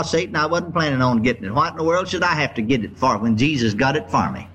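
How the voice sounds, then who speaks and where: Older male preacher, folksy storyteller, lively swooping voice, faint hiss behind. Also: fairly high pitch, low-quality recording. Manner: folksy, repetitive, drawn-out emphasis. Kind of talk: sermon storytelling. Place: church before a congregation.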